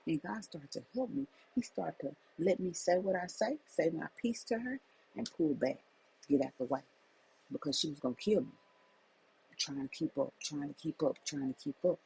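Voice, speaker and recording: A woman's voice: deep voice, normal speed, gravelly, mellow, husky, low-quality recording. A middle-aged woman, a life coach, telling a personal testimony as a faith message in an emphatic, repetitive storytelling manner.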